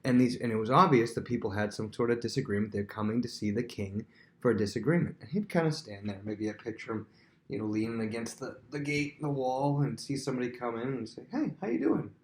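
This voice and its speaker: A man's voice: medium pitch, quick pace. Man teaching a Bible lesson casually. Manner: conversational, acts out scenes, repeats himself.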